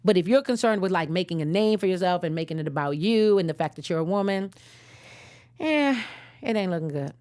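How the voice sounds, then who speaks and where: A woman's voice: on the low side, lively intonation, brisk, a little mellow, no echo, studio quality, close to an everyday voice. A woman voicing a laid-back, scheming male pig who talks in casual slang. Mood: smug.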